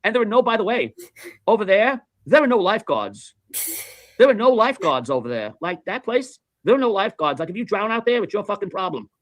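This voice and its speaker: Male streamer, high-pitched and bright, swearing and telling stories in a dry, close sound. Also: fairly quick, dry recording, highs cut off. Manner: animated, profane storyteller who repeats himself. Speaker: livestream host. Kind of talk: casual chat.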